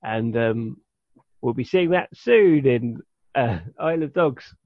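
A man's voice: mid-range voice, animated, slow pace, dry recording. A man co-hosting a podcast, chatting casually and rambling with many restarts and fillers. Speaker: podcast co-host. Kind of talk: casual chat. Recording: dull lo-fi sound.

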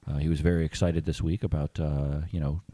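Deep-voiced radio co-host dude talking fast, really dark tone, dry sound. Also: male voice, level tone, dry recording. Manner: quick, chatty, joking. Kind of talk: casual radio banter.

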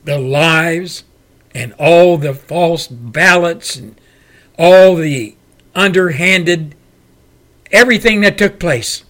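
Male host, forceful ranter, slightly high voice. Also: slow. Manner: loud, forceful, ranting delivery. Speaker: show host. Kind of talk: political commentary monologue.

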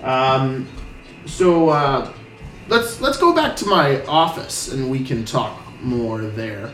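A man's voice: mid-range voice, a little slow, faint music behind, lightly acted. A man voicing a bossy human male dock master who barks orders, hesitant and full of fillers, heard with a roomy echo from off the mic. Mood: gruff.

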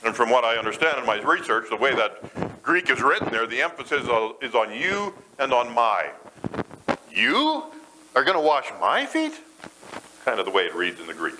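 Male pastor, lively up-and-down delivery, relaxed conversational sermon, noisy live church recording. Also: mid-range voice, fairly quick. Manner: conversational, asks the congregation questions.

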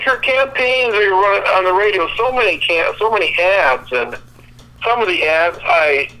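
A man's voice: high-pitched, bright, forceful tone, rough recording. A man co-hosting a casual podcast, ranting bluntly with frequent swearing. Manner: blunt, profane, exasperated ranting. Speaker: podcast co-host. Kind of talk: casual sports podcast chat.

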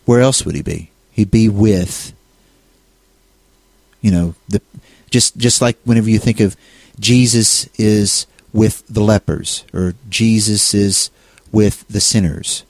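A man's voice: on the low side, fairly even intonation, slow, darkish tone, no room sound. A man co-hosting a casual discussion on faith, talking in a rambling way with many restarts and fillers. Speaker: co-host.

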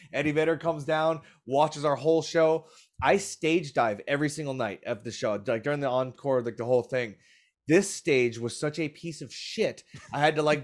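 A man chats as a podcast guest, a touring musician who tells his stories with animated energy and plenty of swearing. His voice sits a little high for a man. It's a loose, casual conversation. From New Orleans family, raised in Orlando. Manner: animated, profane storytelling. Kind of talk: casual chat.

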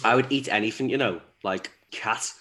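A man's voice: fairly low pitch, normal speed, pushed and bright. A young man, joking crudely and laughing in a casual podcast chat. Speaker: podcast co-host.

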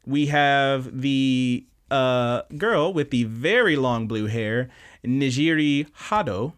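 A man hosting a podcast, casually recapping anime episodes with animated, profane storytelling. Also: medium pitch, slow, clear, resonant tone. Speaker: podcast host.

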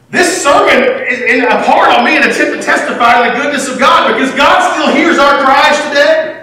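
A man preaching a sermon, swinging between loud, shouted lines and near-whispered asides. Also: very high voice. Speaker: pastor. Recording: echoey hall from far off, faint ambience.

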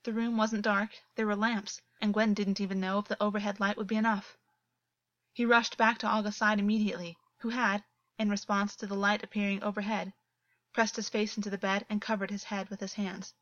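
A woman narrating a story in a steady, earnest reading voice, on a dull, lo-fi recording. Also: mid-range voice, fairly quick, no room sound. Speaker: audiobook narrator.

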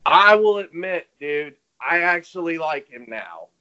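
Rambling man, fairly high voice. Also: sing-song, a little slow, bright, forceful tone. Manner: rambling, swears, laughs, quotes others in voices. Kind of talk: casual wrestling chat. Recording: dull lo-fi audio.

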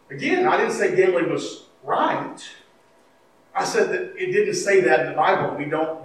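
A middle-aged man preaching a sermon as pastor, telling stories, acting out dialogue and swinging between loud and hushed. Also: high-pitched. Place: church sanctuary. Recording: echoey church hall, mic at a distance, faint noise.

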